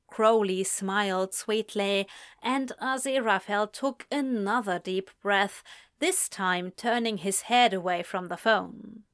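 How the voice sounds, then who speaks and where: Slow, measured woman reading a story. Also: mid-range voice, fairly bright tone, smooth. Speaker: narrator. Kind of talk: fan fiction reading.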